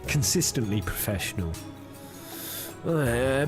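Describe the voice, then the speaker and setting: A young man streaming a game, joking and laughing at himself as he plays. His pitch jumps around a lot while he talks at an easy, unhurried pace. Clear game music plays underneath him. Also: sing-song. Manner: playful, laughs often, mocks himself. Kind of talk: live let's-play commentary.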